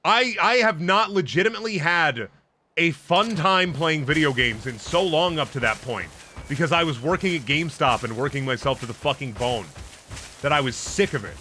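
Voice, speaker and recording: Bright, animated ranting young man. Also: fairly high pitch, normal speed, a little hiss or hum. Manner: profane, emphatic ranting. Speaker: streamer. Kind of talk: ranting casual stream talk.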